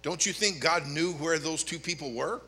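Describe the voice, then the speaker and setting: An older male pastor preaching in a church, his high, sharp voice animated and full of joking asides. It rings with a long reverb from the sanctuary. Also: moderate pace, husky. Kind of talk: sermon.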